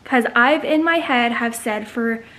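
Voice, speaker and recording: A woman's voice: on the high side, measured pace, sharp tone. A young woman in her twenties telling a personal story to camera in a casual, chatty vlog, with many fillers. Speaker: vlogger.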